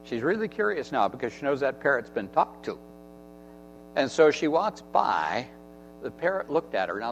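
A man's voice: mid-range voice, long reverb tail. A man preaching a sermon in an earnest way, repeating phrases for emphasis. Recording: dull recording with faint mains hum.

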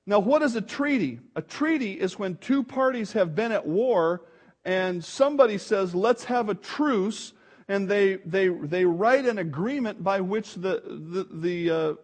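Male pastor, middle-aged, fairly high voice, earnest emphatic sermon delivery. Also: expressive, measured pace. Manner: earnest, emphatic preaching with restarts.

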